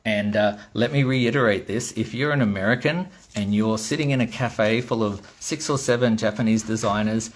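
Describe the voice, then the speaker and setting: A man's voice: lowish voice, moderate pace, few pauses. A middle-aged Australian man, a toy designer, giving a blunt, exasperated ranting monologue and swearing freely.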